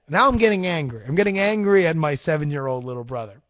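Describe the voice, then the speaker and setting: A young man with a slightly high voice hosts a casual live podcast, answering the chat. He rambles and swears as he works himself into excited rants. The audio is dry and close, with a dull lo-fi tone. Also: fast talker, few pauses, no echo. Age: young adult. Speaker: podcast host.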